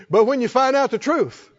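A male pastor preaching a sermon, slow and emphatic, rising to fervent calls to his congregation. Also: very high voice, slightly rough, dull audio.

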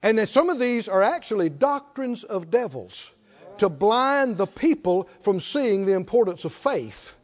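A man's voice: sits high, sing-song, unhurried, big-room sound, muffled recording. A man preaching a sermon, often asking the congregation to respond. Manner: rhetorical, asks the congregation to respond.

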